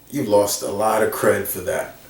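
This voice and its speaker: A man voicing a tough, blunt male vampire hunter who talks in curt, profane demands. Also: fairly low pitch. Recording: roomy, from a distance.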